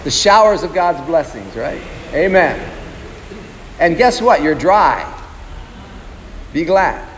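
Pastor, male, high-pitched, emphatic, asks the room questions; long hall reverb. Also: very animated, slow pace, long pauses, fairly bright tone, a little hiss or hum. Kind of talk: sermon.

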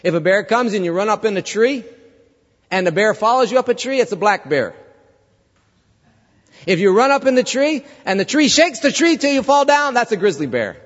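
Guy playing a deadpan park ranger, high-ish voice, gets louder, echoey hall. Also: normal speed, highs cut off. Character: dry-humored male park ranger.

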